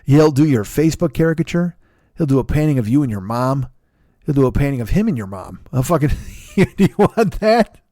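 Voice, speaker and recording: A man's voice: mid-range voice, fast talker, mellow, no room sound, clean studio sound. Sleepy, profane man rambling through plugs. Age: 40s. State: tired and yawning. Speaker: podcast host. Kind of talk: solo comedy podcast plug segment.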